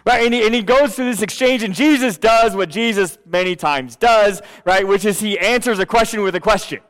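This man's voice sits high and a bit bright, and he speaks fairly quickly. Preaching in a casual, conversational way, the pastor checks in with "okay" and "right," with frequent restarts and repeated words.

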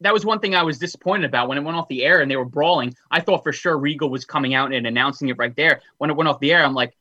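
A man's voice: a little high, rapid-fire, bright, forceful tone, no echo, lo-fi sound. A man co-hosting a casual wrestling podcast, rambling a bit and using lots of filler words. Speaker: podcast co-host.

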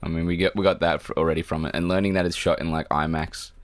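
Young man, very low voice, hesitant rambling chat, dry sound. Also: flat delivery, fast talker, no echo. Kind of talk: casual chat.

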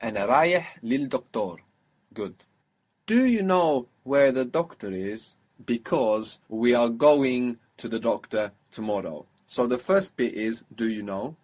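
Patient husky male language teacher. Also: mid-range voice, expressive. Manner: patient, prompting questions, slow model phrases. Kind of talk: spoken language lesson.

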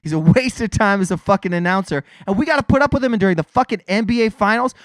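A man's voice: high-pitched, quick pace, a bit bright, no room sound, clean studio sound. A man co-hosting a casual chat, ranting heatedly with constant swearing.

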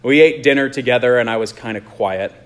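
A man, a pastor, delivering an earnest sermon and telling a personal story, slowing down on key phrases. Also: medium pitch. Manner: earnest storytelling, slows for emphasis.

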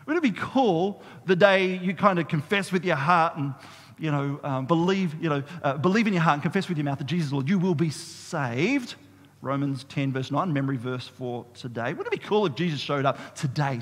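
Husky high-voiced guy preaching, chatty and animated, big hall reverb. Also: normal speed. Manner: animated, conversational preaching with audience call-and-response. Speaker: pastor. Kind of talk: sermon. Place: church hall. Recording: long reverb of a church hall.

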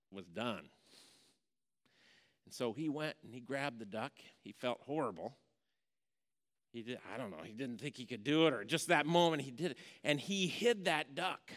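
A man preaching a sermon, telling a folksy story, going from hushed to emphatic. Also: mid-range voice, expressive, a little slow, pauses often. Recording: long reverb of a large hall.

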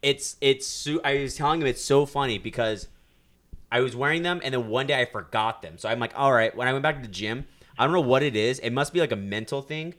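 Bright-voiced laughing male podcast co-host. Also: mid-range voice, a little fast. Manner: laughing, self-deprecating, rambling with fillers. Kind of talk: casual chat.

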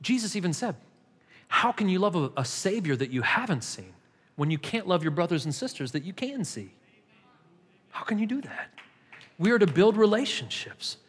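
A man's voice: high-pitched, very animated, normal speed, breathy edge. A man pastor preaching a sermon in a church, emphatic and repetitive, building in intensity. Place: church sanctuary. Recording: long hall reverb.

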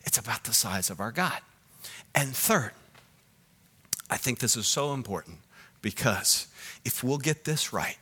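A man preaching a sermon as pastor, swinging between loud emphatic lines and soft low asides, often asking the listeners direct questions. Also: animated, measured pace, long pauses, husky. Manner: asks the audience direct questions.

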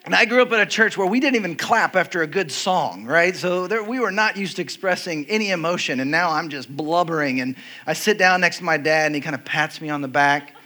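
Bright, animated preacher man telling a story. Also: fairly high pitch. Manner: animated storytelling, drops to soft, quiet tones for heartfelt moments. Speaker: pastor. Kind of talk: sermon storytelling.

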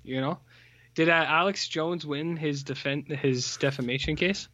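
A man's voice: fairly high pitch, normal speed, pushed and bright, dry recording, muffled recording. A man co-hosting a podcast, recapping a film in a rambling, blunt, profane way with lots of fillers. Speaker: podcast co-host. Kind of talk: casual film recap chat.

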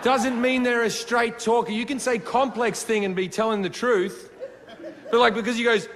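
A man's voice: very high-pitched, fairly even intonation, normal speed. A man doing a stand-up routine, ranting with profane punchlines, recorded live. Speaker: stand-up comedian. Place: live comedy stage. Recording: live hall with crowd and noise.

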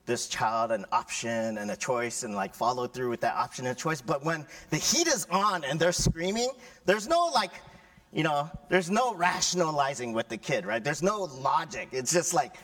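Animated, lively-voiced male pastor. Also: a little high, measured pace. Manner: conversational and animated, acting out cries and tantrums. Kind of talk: sermon.

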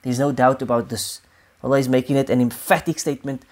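A woman giving a religious lesson, explaining scripture in a measured way and repeating key points for emphasis. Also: extremely low pitch, little pitch movement, a little mellow. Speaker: Quran teacher.

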